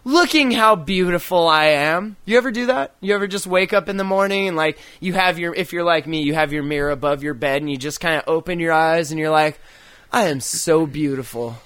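Man, podcast co-host, crude comedic chat, profane, provocative, bright tense voice, dry close sound. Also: fairly high pitch, a little fast, hardly any pauses, smooth, no echo. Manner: profane, provocative, laughs often.

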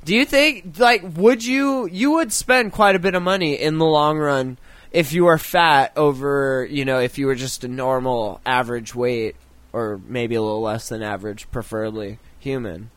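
A man's voice: medium pitch, normal speed, a bit bright, dry recording. A man hosting a casual chat show, reading out news items and joking, often swearing and breaking into laughter. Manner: profane, giggly, joking. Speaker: podcast host.

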